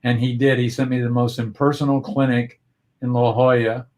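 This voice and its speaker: Male interview guest, mid-pitched voice, reflective and earnest, over a video call. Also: little pitch movement, normal speed, darkish tone. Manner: earnest and reflective, with frequent restarts.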